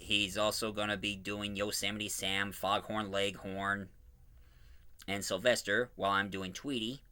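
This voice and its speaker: A man's voice: fairly low pitch, flat delivery, measured pace, bright, forceful tone. A man hosting his own fan audio drama channel, chatting casually and enthusiastically about casting, rambling and correcting himself as he goes. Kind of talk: casual preview talk.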